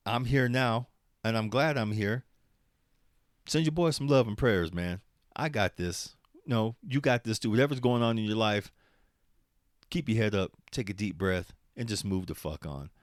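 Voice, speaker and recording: A man's voice: fairly low pitch, normal speed, dry recording, studio quality. A man hosting his own podcast, rambling in casual solo talk with lots of swearing and laughter, at times turning into a motivational pep talk. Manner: profane, rambling, laughs often. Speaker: podcast host.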